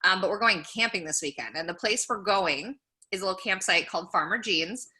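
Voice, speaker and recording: A woman's voice: medium pitch, brisk, bright, forceful tone. A woman co-hosting a podcast in casual chat, rambling with lots of "like". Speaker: podcast co-host.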